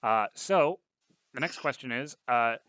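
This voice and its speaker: A man's voice: medium pitch, a little slow, no room sound. A man running a tabletop game as dungeon master, narrating casually with lots of fillers and restarts. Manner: rambling, many fillers, lively.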